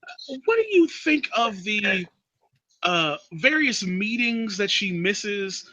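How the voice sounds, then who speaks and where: A man hosting a casual chat, recapping a film plot as an animated storyteller. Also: slow, no echo, highs cut off. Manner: animated storyteller, drops into a creepy low voice for quotes. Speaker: podcast host recapping a movie.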